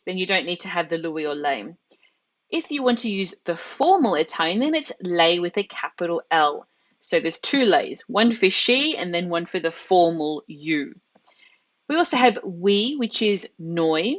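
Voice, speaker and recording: Woman language teacher, live lesson, very lively pitch, dry slightly dull stream audio. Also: dry recording. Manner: clear step-by-step explaining, slows down on Italian words. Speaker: Italian teacher.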